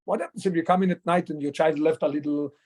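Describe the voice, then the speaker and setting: Man, high voice, Torah lesson, rhetorical questions, middle-aged. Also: fairly even intonation, fast, a little mellow. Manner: mixes English with Yiddish and Hebrew terms, asks and answers his own questions. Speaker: rabbi teaching a Torah class. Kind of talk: Torah lesson explaining a text.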